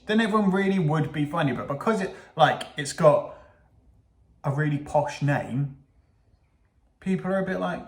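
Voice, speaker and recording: A man's voice: fairly high pitch, moderate pace. Sarcastic man ranting in an echoey room. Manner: sarcastic, swears, laughs at own jokes. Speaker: YouTuber reacting to news clips. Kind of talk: casual reaction commentary.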